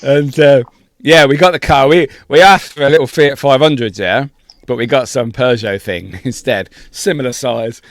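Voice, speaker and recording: A man co-hosting a podcast, telling a travel story in a sweary, laughing, animated way. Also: mid-range voice, moderate pace, dry recording, clean studio sound. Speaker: podcast co-host. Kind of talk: casual storytelling chat.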